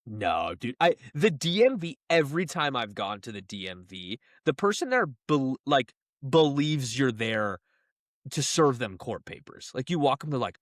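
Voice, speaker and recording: A young man chatting on a casual podcast, his pitch swinging widely and a bit higher than most men's. He talks in an animated, laughing way and acts out the people he quotes. The sound is dry and close. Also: normal speed, dry recording. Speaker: podcast co-host. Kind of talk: casual chat.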